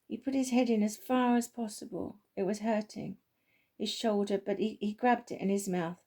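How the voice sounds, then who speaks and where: Woman, storyteller, mellow tone, gentle read-aloud. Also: medium pitch, steady tone, moderate pace. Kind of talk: reading a children's story aloud.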